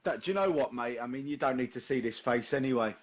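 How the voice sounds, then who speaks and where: A young man hosting a podcast over a video call, tired and hoarse, chatting casually and swearing with a laugh. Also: medium pitch, fast talker, highs cut off, a crowd in the background. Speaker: podcast host.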